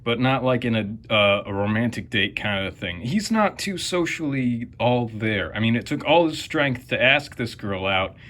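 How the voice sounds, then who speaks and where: A man with a mid-pitched voice narrates a casual show-and-tell. He rambles with fillers and keeps breaking off into crude, wisecracking asides. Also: lively intonation, normal speed, few pauses, a bit bright. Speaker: video host.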